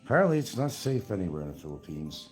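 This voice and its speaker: An older man talks on his own livestream in a very deep, low register. He rambles from one remark to the next with a sarcastic edge and chuckles at his own jokes. Faint music plays in the background. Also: sing-song, fast. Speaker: livestream host. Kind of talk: casual livestream chat.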